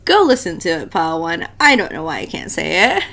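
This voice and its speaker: A woman's voice: fairly low pitch, big pitch swings, brisk, creaky, fairly bright tone. Chatty blunt woman reading tarot. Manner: chatty and blunt, swears freely, laughs often. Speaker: tarot reader. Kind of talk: casual tarot reading to viewers.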